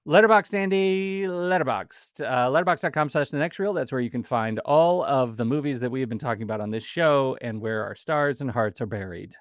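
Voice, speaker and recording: A man's voice: mid-range voice, brisk, hardly any pauses, no echo, studio quality. A man co-hosting a film podcast in casual chat, playful and joking. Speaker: podcast co-host.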